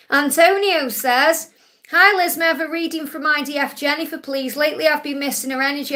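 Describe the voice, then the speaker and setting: A woman's voice: high voice, pushed and bright. A woman hosting a live Q&A stream, doing tarot readings in a soothing, reassuring way and repeating her key phrases.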